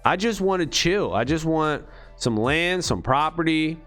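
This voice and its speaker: A man's voice: a little high, expressive, a little slow, a bit bright, faint music behind. A man talking to his channel in a rambling, profane monologue full of rhetorical questions. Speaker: crypto vlogger.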